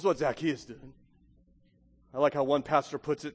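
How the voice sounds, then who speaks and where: A man preaching a sermon as pastor, earnest, swinging from loud emphasis to a hush. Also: a little high, a little fast, long pauses. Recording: long reverb of a large hall.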